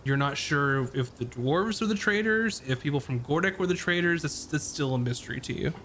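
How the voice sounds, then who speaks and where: A man's voice: a little high, lively intonation, brisk, fairly bright tone, slight background noise. A man running a tabletop game as game master, describing scenes with frequent ums and uhs.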